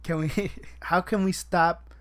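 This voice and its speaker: A man's voice: high-pitched, fairly even intonation, slow pace. A young man co-hosting a casual podcast chat, joking and profane, laughing often. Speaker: podcast co-host.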